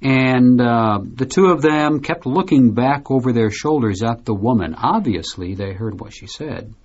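A man from the United States hosting a radio English lesson, explaining a story and asking questions in a relaxed way. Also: mid-range voice, a little slow, highs cut off. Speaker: English teacher and host.

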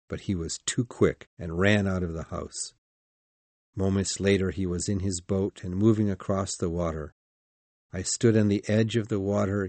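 A man's voice: low-pitched, vocal fry, a little mellow, dry recording. A man narrating a first-person storybook in a dramatic, anxious reading style.

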